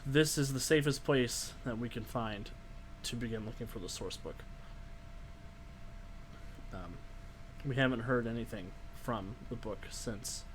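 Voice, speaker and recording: A man's voice: mid-range voice, a little slow, slight background noise, lightly acted, rough recording. Freedom Bird, a man doing an earnest rebel leader.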